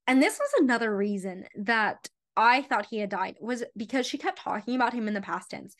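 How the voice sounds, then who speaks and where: A woman's voice: on the high side, normal speed. A young woman chatting emotionally about a favorite book and reading passages aloud. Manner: gushing, emotional. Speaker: book reviewer.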